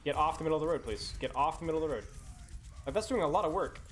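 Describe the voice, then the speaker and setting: A man's voice: fairly high pitch, racing. A young man coaching a team over a live stream, reviewing their gameplay with blunt, teasing critique and lots of casual fillers. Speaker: game coach.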